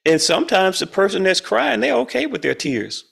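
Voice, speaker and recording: Host: middle-aged man, gravelly and slightly high voice, folksy and chatty, chuckles a lot, on a video call. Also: very animated, normal speed, a bit bright. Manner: folksy, colloquial, chuckles often. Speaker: spiritual study group leader. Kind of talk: casual spiritual talk.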